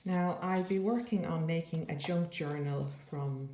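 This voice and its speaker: A woman's voice: low-pitched, a little slow, dark tone, slight background noise. A woman casually showing paper crafts in a chatty, rambling way with playful asides. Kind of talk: casual show-and-tell flip-through. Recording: echoey room.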